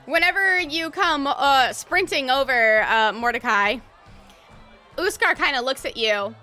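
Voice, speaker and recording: A woman with a bright, slightly high voice runs a tabletop game in a loose, chatty way, cursing and laughing between rulings. Faint music plays underneath. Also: unhurried. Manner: casual, loose, swears and laughs while narrating. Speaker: game master. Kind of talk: narrating a tabletop game over voice chat.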